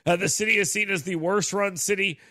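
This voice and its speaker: A man hosting a talk radio show, opinionated and sarcastic, mocking with animated asides. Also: sits high, a little fast, dry recording, studio quality.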